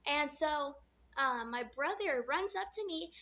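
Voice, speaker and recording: A woman's voice: high-pitched, lively intonation, normal speed, a bit bright, highs cut off. A woman vlogger casually retelling a dream, rambling and filling her talk with "like". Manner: rambling, full of "like" fillers.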